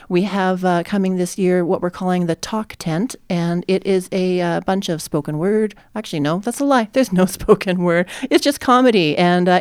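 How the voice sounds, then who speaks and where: A woman's voice: lowish voice, a little mellow, smooth, no room sound, clean studio sound. Chatty woman podcast host from New Jersey. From New Jersey, USA. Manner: chatty, self-deprecating, rambling with fillers. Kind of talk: casual podcast chat.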